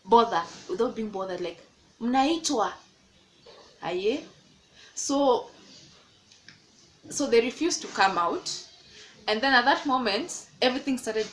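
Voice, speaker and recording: A woman's voice: slight background noise, poor audio. A young woman in her twenties with a Kenyan English accent, telling a storytime vlog and acting out the people in it. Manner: animated, acts out quoted voices in a much higher pitch. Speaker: vlogger.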